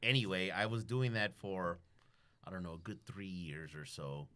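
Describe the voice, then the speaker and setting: A man chatting as a podcast guest, telling animated stories full of profanity and acting out everyday conversations. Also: low voice, moderate pace. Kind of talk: casual chat, storytelling.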